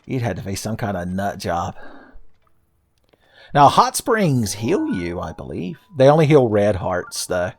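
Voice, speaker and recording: Low-voiced, wisecracking man in his thirties. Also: very animated, measured pace, creaky, a little mellow. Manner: jokey, sarcastic, profane asides. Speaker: let's play host. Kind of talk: casual gameplay commentary. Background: faint game music.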